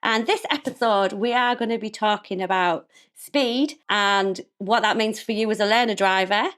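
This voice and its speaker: A woman co-hosting a casual podcast, animated and quick to laugh. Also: medium pitch, clear, resonant tone. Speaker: podcast co-host.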